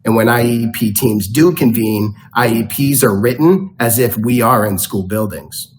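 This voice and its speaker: A man presenting to a school board, speaking in a measured way with frequent fillers. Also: medium pitch, darkish tone, a little hiss or hum, low-quality recording. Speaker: school district official presenting. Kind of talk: formal presentation at a board meeting.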